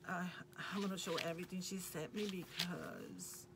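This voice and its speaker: A woman's voice: lowish voice, flat delivery, normal speed. A woman, hosting a craft channel and gushing over the crafting supplies she unboxes. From Puerto Rico. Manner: gushing, enthusiastic. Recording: noticeable background noise.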